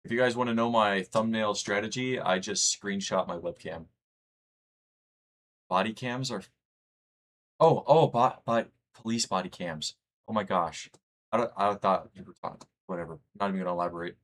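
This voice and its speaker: A man's voice: fairly low pitch, normal speed, a bit bright. A young man from the United States chatting casually with his livestream chat, rambling and reading messages aloud. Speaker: streamer.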